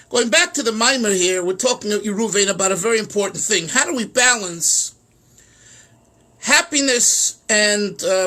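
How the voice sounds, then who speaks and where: Middle-aged rabbi teaching, real high voice, very bright, talks animated and repeats himself. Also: male voice. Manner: animated, repeats words, mixes Yiddish and Hebrew terms. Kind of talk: informal Torah class.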